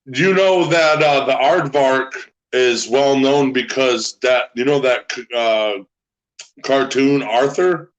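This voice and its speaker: A man in loose stream banter who takes his time, dropping swears and ums between bursts of laughter. He speaks slowly and unhurriedly. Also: mid-range voice, highs cut off. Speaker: co-host. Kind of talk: casual chat.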